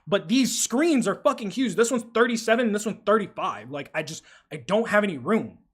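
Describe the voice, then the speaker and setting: Husky and high-pitched, this young man's voice runs a little fast as he hosts a live stream. He swears freely, tells stories with plenty of animation and reads chat out loud in a relaxed, chatty way.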